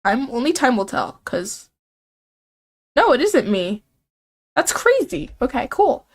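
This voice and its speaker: A young woman streamer giving playful, excitable casual commentary while playing a dating game. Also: high voice, takes it slowly.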